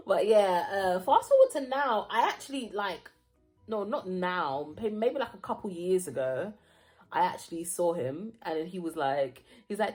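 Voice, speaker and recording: A young woman tells a casual storytime story in her vlog. She is animated, acts out the voices of the people in it and laughs often. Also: lowish voice, normal speed, faint music behind. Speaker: vlogger.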